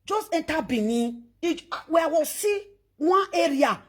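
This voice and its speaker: A woman speaking in a Nigerian Pidgin accent, ranting loudly and scolding on social media. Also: sits high, normal speed. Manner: animated, loud and scolding, switching between pidgin and English.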